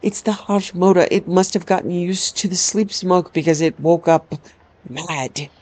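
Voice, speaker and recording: A woman's voice: on the low side, measured pace, warm tone, natural voice. A woman voicing a frightened young male wood elf stable worker who pleads in a panic. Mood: terrified.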